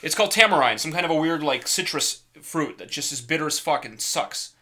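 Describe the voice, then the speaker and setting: A young man co-hosting a casual podcast, telling a story in a profane, animated way. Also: a little high, a little fast. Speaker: podcast co-host. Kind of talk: casual chat.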